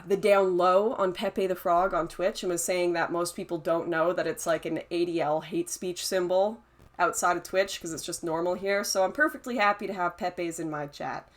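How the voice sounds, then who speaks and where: A young adult woman hosting a casual livestream, chatty and laughing often as she reads and answers chat comments. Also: fairly low pitch. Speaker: livestream host reading chat.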